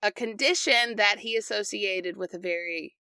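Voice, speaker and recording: A young woman co-hosting a casual history podcast, reading from her notes and breaking off for quick joking asides. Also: mid-range voice, bright, forceful tone, clear, resonant tone, dry recording. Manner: reads notes aloud with quick asides and laughs. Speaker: podcast co-host.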